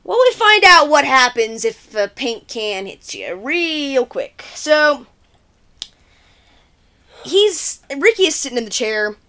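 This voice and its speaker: Podcast co-host, woman, lively sing-song delivery, highish voice, acts out the lines as she retells the story. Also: takes it slowly. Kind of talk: casual movie recap chat.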